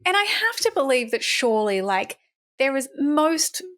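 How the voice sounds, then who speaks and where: A woman's voice: high voice, very animated, normal speed, fairly bright tone, no room sound. Chatty woman, dry close sound. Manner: chatty, laughs often, sweary. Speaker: podcast co-host. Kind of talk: casual political chat.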